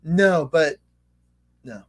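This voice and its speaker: A man hosting a casual live stream, thinking aloud in a halting way with many restarts. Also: on the high side, animated.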